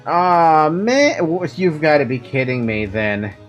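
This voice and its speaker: Giggly, animated game streamer. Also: mid-range voice, slow, muffled recording, faint music behind. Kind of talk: casual let's-play commentary.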